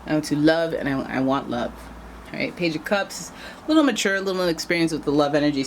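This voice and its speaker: Low-voiced chatty woman tarot reader. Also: slight background noise. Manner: chatty, talks straight to viewers, wanders off on tangents. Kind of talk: casual tarot reading to camera.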